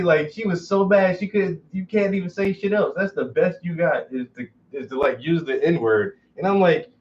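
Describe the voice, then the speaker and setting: A man's voice: on the high side, normal speed. Blunt, profane man telling stories. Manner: profane, blunt storytelling, laughs often. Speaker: host. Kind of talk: casual chat. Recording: dull, muffled recording.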